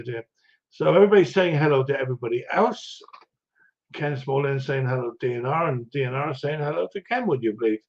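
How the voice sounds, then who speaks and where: A man's voice: mid-range voice, a little mellow. Chatty man on a lo-fi stream. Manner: chatty, rambling, chuckling, many ums and restarts. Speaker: livestream host. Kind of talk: casual live chat reading viewer comments. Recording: dull lo-fi stream audio.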